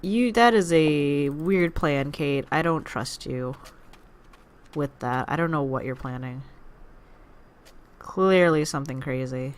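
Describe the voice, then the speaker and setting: A woman's voice: low voice, unhurried. A woman hosting a gaming channel, chatting through let's play commentary in a rambling, distracted way and teasing the game's character. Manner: playfully teasing the game character.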